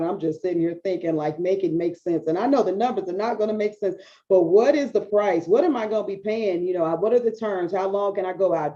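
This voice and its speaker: A woman's voice: fairly low pitch, dull audio. Blunt, profane woman coach talking to camera. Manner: blunt, profane, animated storytelling. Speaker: business coach. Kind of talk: casual talking-head video.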